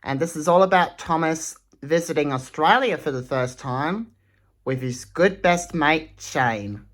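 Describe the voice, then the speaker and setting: A woman reading a children's picture book aloud, slow and expressive with a sing-song delivery. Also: low-pitched. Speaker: storytime reader.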